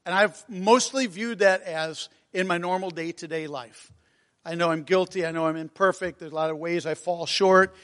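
Earnest male preacher, high voice, slow heartfelt sermon, long hall reverb. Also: steady tone, fairly bright tone. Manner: earnest, emotional, reads hymn lines slowly.

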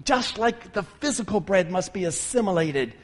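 A man's voice: high-pitched, animated, moderate pace. A man preaching a sermon with emphasis, addressing his listeners as brothers and sisters. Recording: long hall reverb.

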